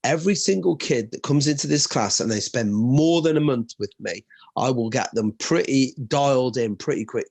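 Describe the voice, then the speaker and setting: An Irish man who teaches martial arts, telling stories in an animated way and swearing freely in a casual chat. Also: medium pitch, normal speed, gravelly, dry recording. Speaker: martial arts instructor and co-host.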